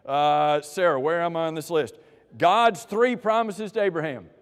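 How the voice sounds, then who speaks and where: A man's voice: fairly high pitch, normal speed, smooth, big-room sound. A man leading a church class through quiz questions, joking with the people who answer and calling on them by name. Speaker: Bible class teacher.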